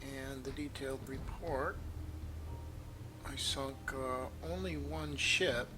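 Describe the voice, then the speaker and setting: A man's voice: medium pitch, fairly even intonation, slow pace, noisy background. A man giving casual, rambling gameplay commentary, opinionated and full of fillers and restarts, with the hiccups. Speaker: gaming video creator.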